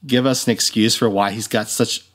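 Casting note: young male podcast co-host, lower-pitched voice, animated, swears, jumps into squeaky impressions of film lines. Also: moderate pace. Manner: animated, swears often, acts out quotes in high voices. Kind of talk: casual chat.

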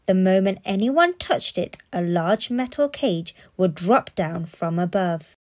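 A woman reading a children's storybook aloud in a playful, expressive way. Her pitch moves a lot, and she takes her time over every line. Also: unhurried.

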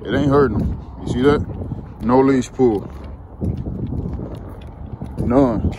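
A man's voice: mid-range voice, slow pace, long pauses. A man talking casually and coaxing his dog as he walks outside, in a laid-back vlog style. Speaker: vlogger, dog owner. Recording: noisy outdoor street sound.

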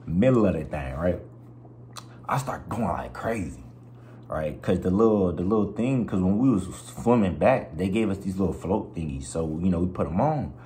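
A young man vlogging, telling a story in a slangy, expressive way and acting out other people's voices and sounds. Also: deep voice, a little fast, hardly any pauses, slight background noise. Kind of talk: animated storytelling.

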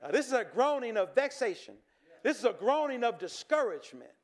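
A pastor preaching a sermon in a conversational way, with stammered restarts and quick chuckles. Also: male voice, very high voice, very animated.

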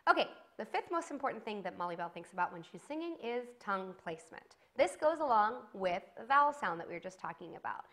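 A woman's voice: mid-range voice, very animated, fast talker, few pauses, a bit bright. A woman teaching a singing lesson to camera, giving encouraging instructions and demonstrating sung vowels between them.

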